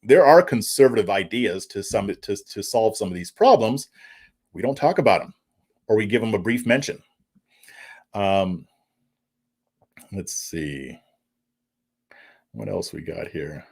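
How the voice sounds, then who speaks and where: A man's voice: on the low side, expressive, unhurried, vocal fry, pauses often, a little mellow, slightly rough. A man hosting a political commentary livestream, reading viewer comments in a casual, chuckling way and often stumbling over and repeating words. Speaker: political commentary show host.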